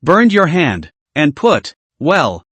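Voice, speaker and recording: A man reading as a calm young fortune-teller. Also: a little high, husky, dry recording, exaggerated voice. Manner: light, unhurried, matter-of-fact.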